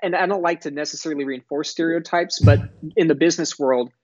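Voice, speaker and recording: A man's voice: fairly high pitch, darkish tone, no room sound. Earnest young man from Texas, articulate podcast guest; dry, slightly dull audio. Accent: none, mostly neutral American with a faint Texas drawl at times. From Dallas, Texas. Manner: articulate, earnest, measured with frequent restarts. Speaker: guest, entrepreneur. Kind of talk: podcast interview.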